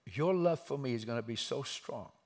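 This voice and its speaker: A man preaching a sermon, acting out a story and swinging from hushed tones to loud outbursts. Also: medium pitch, lively intonation, moderate pace. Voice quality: gravelly, husky.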